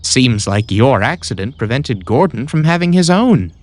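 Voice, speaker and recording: Brief: concerned male engine friend, played by a man, raised, lively delivery. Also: mid-range voice, moderate pace, natural voice.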